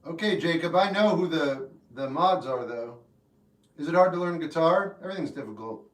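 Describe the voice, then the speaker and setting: A man hosting a livestream who answers chat questions in a deadpan, laconic way, with short replies. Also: on the high side, normal speed. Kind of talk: casual chat. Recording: echoey room with guitar behind.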